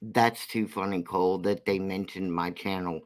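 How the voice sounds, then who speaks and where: A man hosting a casual livestream, talking slowly and repeating himself for emphasis. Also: low-pitched, fairly even intonation. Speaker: livestream host; military veteran.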